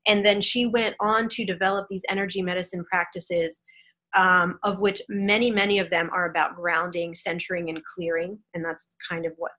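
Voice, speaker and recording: A woman with a fairly low voice hosts a question-and-answer session over a video call. She talks gently and reassuringly, with a soothing, caring manner. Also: level tone, moderate pace. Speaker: host. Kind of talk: hosting a live online Q and A.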